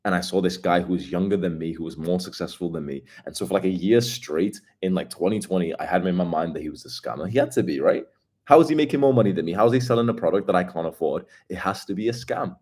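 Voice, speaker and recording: A young man hosting a live stream, talking in a blunt, profane, rapid casual rant. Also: low voice, darkish tone. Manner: blunt and profane, with fast asides. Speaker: livestream host.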